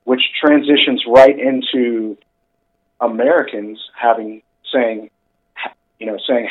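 Dude rambling on a podcast, lots of "you know", kinda muffled lo-fi sound. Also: male voice, medium pitch, steady tone, slow. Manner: chatty, rambling, lots of fillers. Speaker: podcast co-host. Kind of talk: casual chat.

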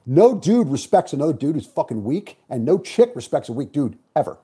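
Middle-aged guy, talks fast and blunt, husky, kinda high voice. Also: over a noisy crowd. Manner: blunt, profane, animated storyteller. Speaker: podcast guest. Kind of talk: casual storytelling chat.

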